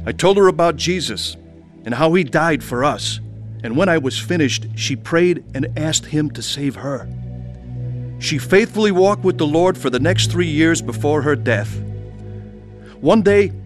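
A man earnestly narrating and acting out his own conversion story, pleading with his family. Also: mid-range voice. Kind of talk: dramatized testimony narration.

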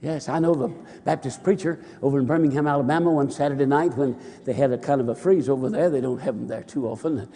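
A man's voice: mid-range voice, quick pace, mellow, long reverb tail. A man preaching a sermon, telling folksy anecdotes and often repeating "and he said.". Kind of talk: sermon storytelling.

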